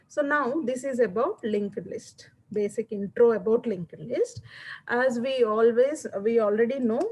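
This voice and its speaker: A woman's voice: fairly high pitch, a little mellow, breathy edge, low-quality recording. A woman giving a classroom lecture, explaining step by step and often checking that students follow.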